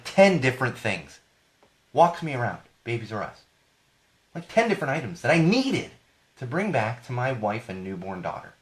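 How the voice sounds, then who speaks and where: A man in his thirties hosts a podcast in a mid-range voice made hoarse by a cold. His casual monologue rambles and repeats phrases for emphasis.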